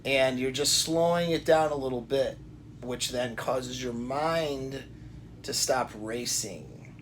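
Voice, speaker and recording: A man of middle pitch talks straight to the listener in a coaching monologue. He is deliberate, circles back and repeats his points, and restarts his sentences often. A faint hiss sits under the recording. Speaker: self-help coach. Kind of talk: direct-to-camera advice talk.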